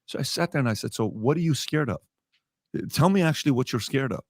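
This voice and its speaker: A man's voice: medium pitch, expressive, quick pace, no room sound, studio quality. A man on a podcast telling a story and making emphatic, repeated points, acting out the people he quotes. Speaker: podcast host. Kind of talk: storytelling rant. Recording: played clip from a podcast.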